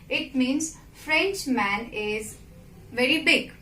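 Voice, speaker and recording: A woman teaching a simple French lesson, slow and patient, often checking with the listener. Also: sits high, expressive, sharp tone. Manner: slow and patient, repeats and checks with "okay?" and "right?". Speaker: French teacher, channel host. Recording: echoey room with faint background noise.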